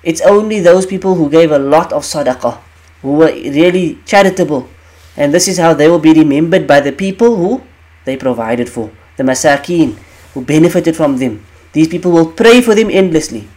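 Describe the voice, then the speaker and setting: A man's voice: a little high, a little mellow. A man teaching the meaning of Quranic verses in an emphatic way, repeating key phrases and asking rhetorical questions.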